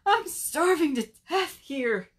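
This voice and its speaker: A shrill, squawking little bird, hungry and fussy, demanding food from everyone, as a woman reads the storybook aloud. The voice sits very high and swoops up and down. He drags out his complaints slowly. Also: very animated, a bit bright, exaggerated voice. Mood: frantic. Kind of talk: storybook read-aloud for children.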